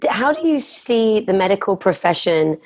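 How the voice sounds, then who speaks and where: Female interviewer, middle-pitched, thoughtful and searching, restarts her questions. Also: very animated, moderate pace, darkish tone, no echo, studio quality. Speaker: interview host. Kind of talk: conversational interviewing.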